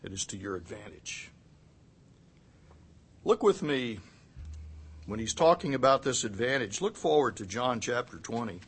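Male pastor, middle-aged, husky tone, lively sermon delivery. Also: mid-range voice, unhurried, pauses often. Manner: animated, swings from loud emphatic to quiet, acts out quotes.

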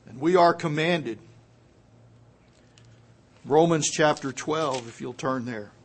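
A man with a husky, somewhat high voice preaches a sermon, rising from quiet, hushed passages to loud, emphatic peaks. He slows down to stress key words.

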